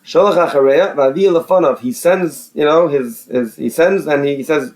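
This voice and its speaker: A man's voice: on the high side, normal speed, a little mellow. A man teaching a religious text, reading out Hebrew phrases and translating each into casual English, often repeating words and restarting. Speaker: Torah teacher.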